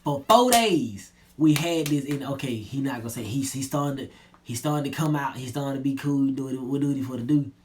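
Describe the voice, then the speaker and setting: A man's voice: expressive, a little fast, slight background noise. Laid-back young man telling a story. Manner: laid-back slangy retelling, drops low and quiet at line ends. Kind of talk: casual storytelling.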